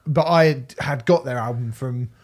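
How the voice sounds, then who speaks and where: A man's voice: medium pitch, normal speed, a little mellow. A man co-hosting a podcast, chatting casually and rambling emphatically, repeating words as he talks. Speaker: podcast co-host reviewing albums. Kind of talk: casual chat.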